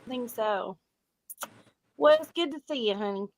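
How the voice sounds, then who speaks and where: A woman with a Tennessee accent hosting a casual co-stream, playful and quick to laugh. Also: on the high side, lively intonation. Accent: Southern US, Tennessee. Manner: playful, laughing, affectionate teasing. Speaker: livestream host.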